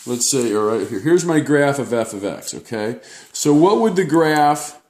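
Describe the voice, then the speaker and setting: A man lecturing on graphs in a roomy, echoing space. He walks through each step and keeps checking in with a quick "okay?". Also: mid-range voice, very animated. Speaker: math teacher. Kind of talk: classroom lecture at a whiteboard.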